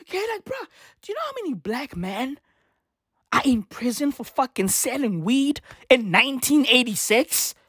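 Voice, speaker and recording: A woman giving excitable, profane reaction commentary, repeating slang fillers. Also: a little high, normal speed, husky, no echo, clean studio sound.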